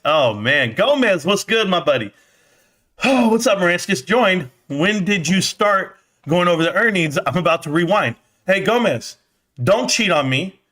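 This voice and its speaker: A man's voice: high-pitched, sharp tone. Brash, breathless man live streaming. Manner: brash, joking, trash-talking. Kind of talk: casual live stream chat.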